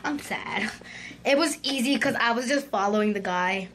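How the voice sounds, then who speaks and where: Girl hosting a let's play, super high and bright voice, excitable, yelling at the game. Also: moderate pace, slight background noise. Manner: excitable, shrieking and chattering to viewers. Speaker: gaming channel host.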